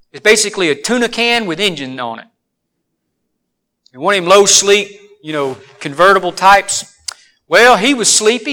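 A man preaching a sermon in a church, telling folksy stories that suddenly rise loud. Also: sits high.

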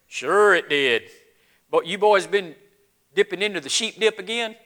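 Guy putting on a dry unimpressed night-shift shopkeeper, flat and drawly, voice cracking a bit. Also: sits high, measured pace, smooth, pitched below the performer's own voice, full character voice. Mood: deadpan, skeptical. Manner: drawling, deadpan.

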